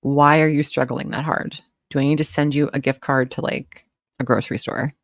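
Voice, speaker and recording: A woman's voice: rumbling low, level tone, moderate pace, no room sound, clean studio sound. A woman hosting a live reaction stream, mocking and swearing as she comments. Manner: sarcastic, profane, mocking.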